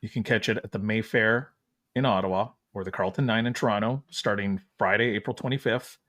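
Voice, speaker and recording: A man's voice: on the low side, fairly even intonation, a little fast, a bit bright, no room sound. A male podcast host wrapping up an interview in a light, joking way. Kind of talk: casual chat.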